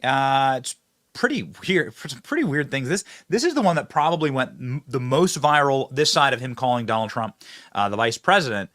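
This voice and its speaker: A man's voice: medium pitch, big pitch swings, a little fast, a bit bright, no room sound, clean studio sound. Mocking man hosting political commentary. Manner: mocking, sarcastic, laughs at own jabs. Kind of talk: fast opinionated political commentary. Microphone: close studio mic with earpiece.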